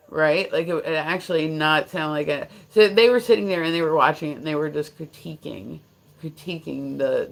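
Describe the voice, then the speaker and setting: Rambling American woman with a gravelly voice. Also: low voice, poor audio. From United States. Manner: rambling, many restarts and fillers, frequent laughs. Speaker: livestream host. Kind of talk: casual chat.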